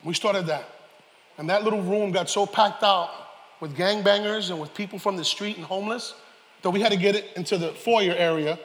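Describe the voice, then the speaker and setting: A man preaching a sermon, animated, with joking asides and shouted peaks. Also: sits high, brisk. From New York, Harlem. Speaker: pastor. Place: church sanctuary. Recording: reverberant church hall.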